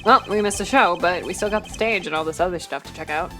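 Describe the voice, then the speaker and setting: A woman voicing a brash, teasing young man in a video game, loud and playful. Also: fairly low pitch, fast, faint music behind.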